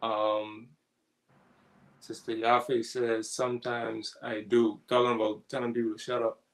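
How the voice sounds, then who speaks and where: Gravelly, laid-back man with a chuckle. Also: medium pitch, measured pace, rough recording. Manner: relaxed, laughs often, reads out chat comments. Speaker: co-host of a ministry talk. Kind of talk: casual spiritual discussion.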